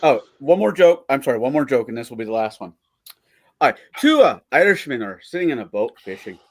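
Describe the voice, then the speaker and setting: A man's voice: medium pitch, sing-song, fairly quick. A man streaming, chatting casually and telling crude jokes, swearing freely and acting out the voices in them. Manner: rambling, swears freely, acts out joke voices.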